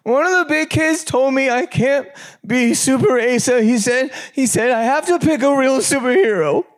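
A man voicing his four-year-old son, an earnest, eager little boy, in a high, childlike pleading voice. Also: moderate pace. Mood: disappointed.

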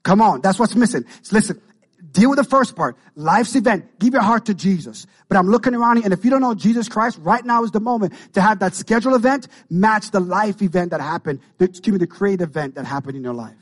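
A pastor in his fifties preaching an impassioned sermon, calling out to the congregation and rising into shouts. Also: high-pitched, lively intonation, fast. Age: 50s. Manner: impassioned, call-and-response preaching.

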